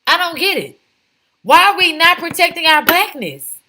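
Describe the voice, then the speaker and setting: A woman with a high, sharp, bright voice delivers opinionated vlog commentary. She talks emphatically, piling up rhetorical questions and asides to her viewers. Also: very animated, moderate pace. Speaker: commentary vlogger. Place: home, lives in Texas.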